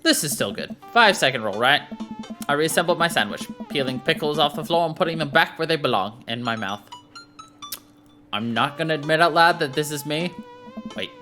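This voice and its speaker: A man reads a dating-sim game aloud as its dad character and drops in playful, jokey asides. His voice is bright and forward. Faint game music plays underneath. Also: a little high, expressive, moderate pace. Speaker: gaming YouTuber.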